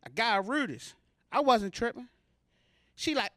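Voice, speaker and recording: High-voiced man from Baltimore doing stand-up. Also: animated, unhurried, a bit bright, no echo, clean studio sound. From Baltimore, USA. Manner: loose, conversational, self-mocking delivery. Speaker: stand-up comedian. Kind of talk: stand-up comedy set. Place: comedy show stage before a live audience.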